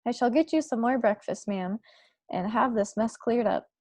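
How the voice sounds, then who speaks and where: A woman voicing a hushed, fretful older maid. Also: a little high, moderate pace, no room sound, natural voice. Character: older female maid, anxious and deferential.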